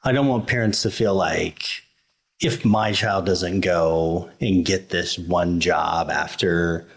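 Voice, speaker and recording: A man's voice: sits low, takes it slowly, vocal fry. A man, a therapist guesting on a podcast, speaking in a thoughtful, reassuring way. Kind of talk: casual podcast conversation.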